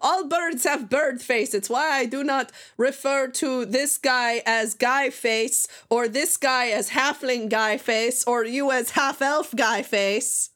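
A woman voicing a talking haunted sword with a put-on fantasy accent, speaking in an indignant, fussy, deliberate way. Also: high-pitched, a bit bright, voice pushed up.

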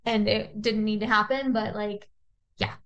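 A young adult woman co-hosting a podcast, telling a story in casual chat, animated and swearing freely as she acts out quoted texts. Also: mid-range voice, a little slow, muffled recording. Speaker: podcast co-host.

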